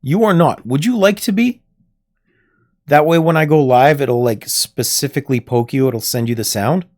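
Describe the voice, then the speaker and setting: A man's voice: medium pitch, moderate pace. A man casually chatting and rambling as he streams a video game from a room at home, laughing often. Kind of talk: casual livestream chat. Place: home room near plumbing. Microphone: desk microphone.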